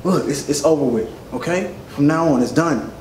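A man's voice: fairly high pitch, moderate pace, a little mellow, distant mic, close to an everyday voice. A man playing an evasive, stammering cheating husband. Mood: pleading. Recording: echoey room, off-mic, noisy.

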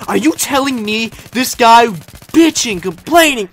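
Young man, high-pitched, bright sharp tone, profane ranting comedy commentary, frequent shouting, faint background music. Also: expressive, measured pace.

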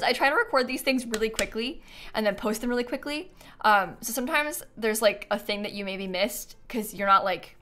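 Young woman, streamer; bright, slightly high voice, chatty, rambling, lots of fillers. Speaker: live streamer. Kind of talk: casual gameplay commentary.

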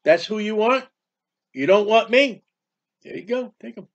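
A man with a high-pitched, animated voice delivers a sermon-style Bible teaching at an unhurried pace, fervently firing off rhetorical questions and declaiming scripture. The recording's highs are cut off.

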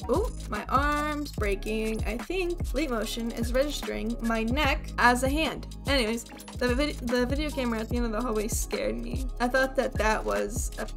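A woman giving casual gameplay commentary, swearing a lot, jumpy, talking to the ghost and yelling at it. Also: on the high side, moderate pace, gravelly, music in the background. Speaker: streamer playing solo.

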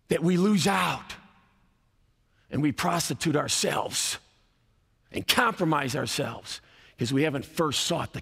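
A man in his fifties delivers a chapel sermon with a high, bright voice that swings widely from peak to hush. He speaks emphatically, rising hard on key phrases, and the long reverb of a large hall trails each line. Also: gravelly, breathy edge. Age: 50s. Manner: emphatic, preacherly, rising and dropping for effect. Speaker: college athletic director and speaker.

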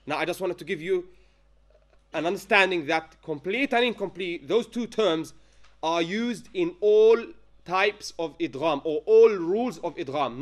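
A man teaching a Quran recitation class. He dictates notes slowly, asks the students frequent questions to check they follow, and chants verses as examples. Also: high voice. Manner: chants Arabic verses when giving examples. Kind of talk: classroom lesson.

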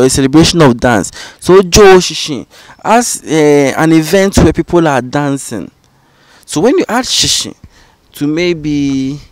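Slow, patient teacher, a man. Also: fairly high pitch, dry recording, low-quality recording. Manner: says each phrase twice, calm and patient. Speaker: language teacher. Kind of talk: slow, repetitive vocabulary drill.

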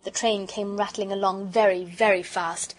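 A woman narrating a children's audiobook with expressive storytelling. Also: mid-range voice, normal speed, rough recording.

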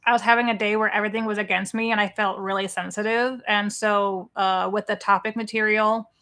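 A woman's voice: medium pitch, flat delivery, brisk, pushed and bright. A woman co-hosting a casual livestream, talking in a chatty, rambling way with many fillers. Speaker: co-host of a livestream watch party.

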